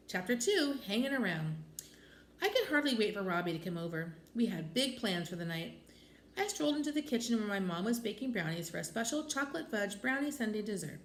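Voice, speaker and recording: A woman's voice: medium pitch, very animated, fairly quick. A woman reading a children's chapter book aloud expressively. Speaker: storybook reader. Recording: echoey room with faint noise.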